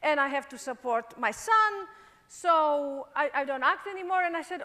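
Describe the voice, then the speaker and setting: A woman's voice: high-pitched, animated, a little fast, pushed and bright. A woman from Greece with a Greek accent gives a motivational stage talk, telling her story with animation and acting out the dialogue. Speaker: speaker. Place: performing arts center stage. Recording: long reverb of a large performing arts hall.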